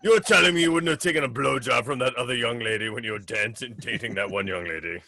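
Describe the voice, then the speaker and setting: A man's voice: mid-range voice, fast talker, gravelly. A man in his forties in casual podcast chat, dropping in short teasing remarks. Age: 40s. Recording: noisy recording.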